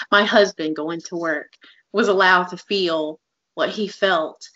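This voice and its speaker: A woman's voice: lowish voice, fairly even intonation, slow pace, fairly bright tone, no room sound, lo-fi sound. A woman co-hosting a podcast, talking in an earnest, casual way that is full of "like"s. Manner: earnest, talks through examples with many "like"s. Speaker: podcast co-host.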